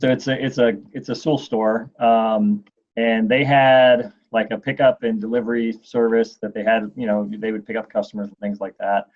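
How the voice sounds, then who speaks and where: A man in his forties, a guest telling a long anecdote in an interview, animated and acting out what others said. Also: fairly low pitch, normal speed. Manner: animated storyteller, acts out quotes. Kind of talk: storytelling in an interview. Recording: dull lo-fi sound.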